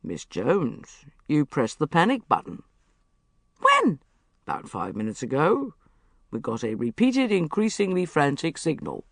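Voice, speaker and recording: A calm, reassuring police inspector who talks slowly and evenly, as an audiobook reader puts him on. His voice is gravelly and sits a bit further back, yet the booth stays dry. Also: medium pitch, no echo, exaggerated voice. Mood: calm wry.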